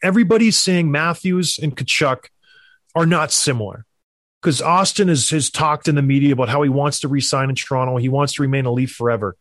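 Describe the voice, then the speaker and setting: A young adult man hosting a sports talk show, emphatic and animated, with mocking asides. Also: mid-range voice, brisk, no echo, clean studio sound. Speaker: sports podcast host. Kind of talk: opinionated hockey talk.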